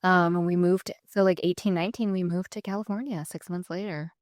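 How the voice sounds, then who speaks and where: A young woman co-hosting a faith podcast, telling stories in a chatty, animated way and acting out quoted voices. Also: on the low side, brisk, no echo, studio quality. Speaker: podcast co-host. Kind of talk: casual faith conversation.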